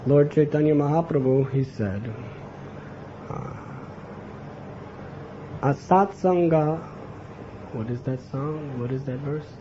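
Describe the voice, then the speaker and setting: An American man, a spiritual teacher, delivers an earnest devotional lecture, often checking in with his audience with a questioning "huh?". His voice is a little high and dark in tone, moving at a slow pace with frequent pauses. The dull lo-fi recording carries faint ambience and a slight hiss or hum.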